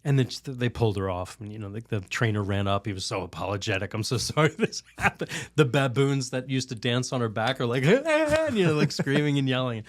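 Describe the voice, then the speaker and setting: Animated storytelling priest, dry sound. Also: male voice, medium pitch, quick pace, hardly any pauses, no echo. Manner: animated, laughs while telling stories; rambling restarts, many "you know"s. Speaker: Catholic priest, podcast guest. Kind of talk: conversational storytelling and teaching.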